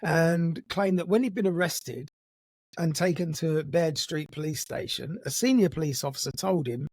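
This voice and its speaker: A man's voice: on the high side, normal speed, a little mellow, dry recording. A man co-hosting a podcast, telling a true story in a casual, dry, jokey way. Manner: dry, jokey, puts on gruff voices in quotes.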